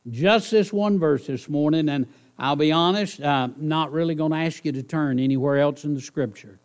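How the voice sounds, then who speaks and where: This pastor's voice is fairly high and moves at a normal speed. In a soft, pleading, conversational sermon punctuated by bursts of emphasis, he repeatedly asks the congregation "all right?" to check in with them.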